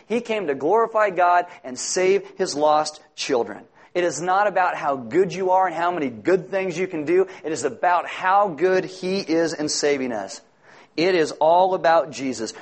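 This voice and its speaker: A man preaching a sermon, earnest and emphatic, quoting scripture as a pastor. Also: a little high.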